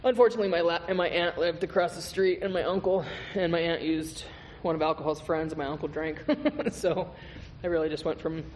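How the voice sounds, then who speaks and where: A man's voice: fairly high pitch, fairly even intonation, fairly quick, few pauses. A man giving a candid, profane recovery testimony as a guest speaker at a meeting, telling his story with laughs. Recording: reverberant hall with faint noise.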